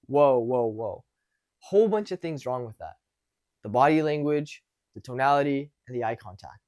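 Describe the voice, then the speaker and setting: A man talks straight to camera as a confidence coach, loose and conversational, often restarting his sentences. His voice sits at an ordinary middle pitch. He gets animated when he acts out little example conversations. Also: fairly quick. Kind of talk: casual advice to camera.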